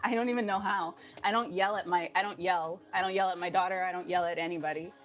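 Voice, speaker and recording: A woman's voice: fairly low pitch, fairly even intonation, fast talker. A woman fitness instructor chatting casually with viewers on a live stream, upbeat and laughing often, a little out of breath. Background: faint music.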